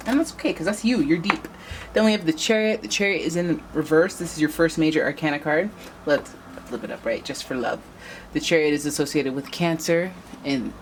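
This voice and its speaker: A tarot reader with a low-pitched voice gives a casual reading, chatting straight to her viewers and often drifting into playful tangents. There is slight background noise.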